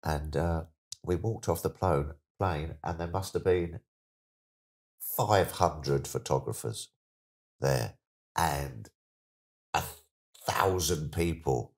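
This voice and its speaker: Deep-voiced guy, middle-aged, rambling chatty interview stories, does little voices for people. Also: slow, long pauses. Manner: chatty, animated anecdotes, slips into excited put-on voices. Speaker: interview guest. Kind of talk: casual storytelling interview.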